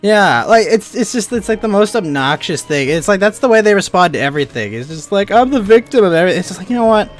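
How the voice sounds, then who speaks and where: Man, high voice, very expressive pitch, rambling sweary rants, casual stream chat, faint music behind. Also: fast, few pauses. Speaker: streamer host.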